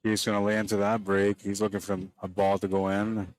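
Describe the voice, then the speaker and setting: This is casual, talkative live commentary on a pool match from a man addressing stream viewers directly, slightly fatigued late in the day. His pitch is on the low side and his pace a little fast.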